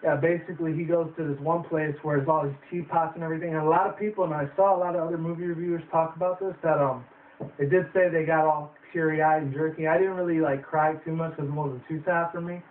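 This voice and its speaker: A man's voice: on the high side, fairly even intonation, quick pace, distant mic. Rambling young man in a tinny echoey room. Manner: rambling, swearing, many fillers. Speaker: movie reviewer. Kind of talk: rambling casual movie review. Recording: tinny phone-like roomy sound from afar.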